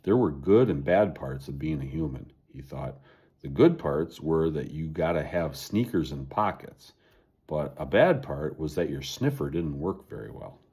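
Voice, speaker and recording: A man narrating a children's chapter book aloud, expressive reading. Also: very deep voice, unhurried, breathy edge. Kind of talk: storybook narration.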